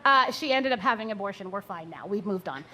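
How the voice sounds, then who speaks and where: A woman's voice: medium pitch, animated, fairly quick, sharp tone. A woman who is a mother of four and works as an abortion doula, speaking candidly at a live panel, blunt, swearing freely and laughing as she tells stories. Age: adult, mother of four. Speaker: abortion doula and maternal health advocate. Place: live event at a coffee house.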